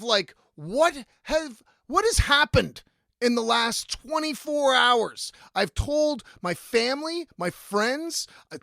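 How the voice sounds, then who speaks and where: A man hosting a podcast, telling a rambling story in a casual, profane and lively way. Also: extremely high pitch, gravelly, no echo, studio quality. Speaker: podcast host.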